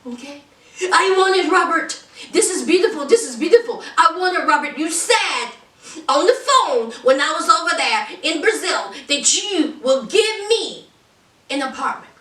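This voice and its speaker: Brief: woman doing a pleading, let-down young woman; high, bright, whiny, recorded a bit far off. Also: animated, normal speed. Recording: roomy echo, distant from mic.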